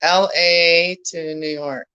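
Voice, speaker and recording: Speaking slowly in a fairly low, steady, sharp voice with a clean tone, a young vlogger rambles to her live viewers as she tidies her home at night. She laughs a lot and calls viewers by name; the recording is dry and dull.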